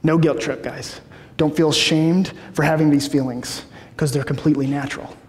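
A man's voice: on the high side, steady tone, moderate pace. A man in his thirties preaching a sermon in a conversational way, often checking in with the room. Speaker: pastor. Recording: echoey hall.

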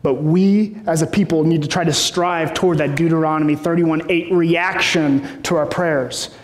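High-voiced preacher in an echoey hall. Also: male voice, steady tone, normal speed. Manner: conversational, checks in with the room often. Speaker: pastor. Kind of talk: sermon.

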